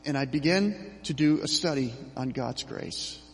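A middle-aged man preaching a sermon as pastor, slow and emphatic with dramatic pauses. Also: mid-range voice, long reverb tail, slight background noise.

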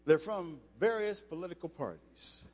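Emphatic older preacher in an echoey hall. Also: male voice, high voice, lively intonation, normal speed. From United States. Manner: emphatic, rising to loud passages, with restarts. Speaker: preacher, former football player. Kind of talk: sermon.

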